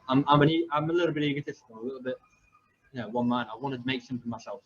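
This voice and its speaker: A man's voice: mid-range voice, fairly even intonation, very fast. A young man from England, a podcast host, telling his story in a rambling, self-deprecating way with many fillers and restarts. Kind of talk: casual storytelling. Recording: slightly dull lo-fi audio with faint background noise.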